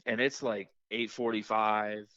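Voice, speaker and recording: A man co-hosting a casual podcast chat tells his story with animated energy, swearing freely and slipping into the voices of the people in it. His voice is bright and forceful, recorded close and dry with a slightly dull, lo-fi tone. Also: on the low side, a little slow, dry recording. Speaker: podcast co-host.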